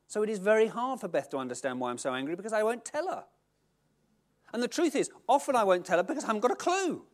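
A middle-aged man preaching a sermon in a conversational, self-mocking, animated way. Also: high voice, quick pace. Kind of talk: sermon with Bible reading.

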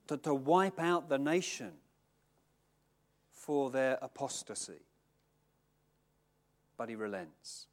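A middle-aged man preaching a sermon in a conversational, self-mocking, animated way. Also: medium pitch. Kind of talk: sermon with Bible reading.

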